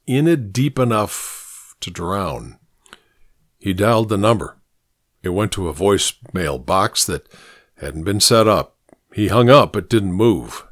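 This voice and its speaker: Slow, measured noir narrator, man. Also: on the low side, no echo, clean studio sound. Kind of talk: noir story reading.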